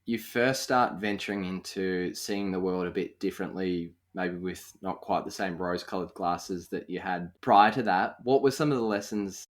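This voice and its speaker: A young Australian man hosts a relaxed interview, talking through his thoughts with plenty of fillers. His voice is very deep. He sounds thoughtful and easygoing. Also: moderate pace, few pauses. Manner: thoughtful, conversational, many fillers. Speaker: podcast host. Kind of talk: casual interview conversation.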